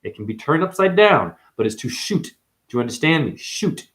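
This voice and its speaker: A man giving a rambling spiritual livestream monologue, profane and full of sudden jumps in pitch. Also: very animated, brisk, a bit bright. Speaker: spiritual vlogger.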